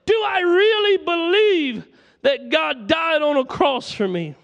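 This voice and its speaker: A preacher with a strikingly high-pitched voice delivers a sermon. He speaks with passion and recites scripture at length to his congregation. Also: expressive, slow pace, creaky, fairly bright tone, lo-fi sound. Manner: impassioned, reciting scripture aloud.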